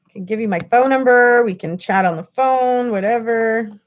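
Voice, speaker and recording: A woman's voice: a little high, normal speed, highs cut off. A woman hosting a livestream, ranting at her viewers in a frustrated, profane way. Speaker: livestream host.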